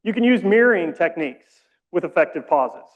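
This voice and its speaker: A man leading a community training session, explaining calmly with casual, self-deprecating asides. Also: high voice, brisk, phone-quality sound. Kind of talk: training presentation.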